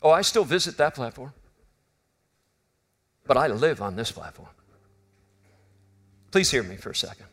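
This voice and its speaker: A man's voice: medium pitch, sing-song, unhurried, long pauses. A man in his fifties preaching a sermon, telling a personal story in an earnest, conversational way. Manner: earnest, conversational storytelling, swings from loud bursts to quiet intimacy.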